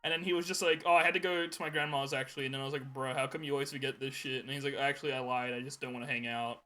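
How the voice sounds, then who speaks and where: A man's voice: mid-range voice, steady tone, rapid-fire, sharp tone, soft background music. A young man co-hosting a podcast, telling rambling stories in casual chat and laughing often. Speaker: podcast co-host.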